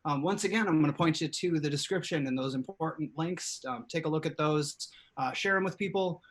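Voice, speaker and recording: A man with a fairly high voice and brisk pace hosts a live improv comedy show over a video call. He is chatty and upbeat with many fillers, heard through a home computer mic.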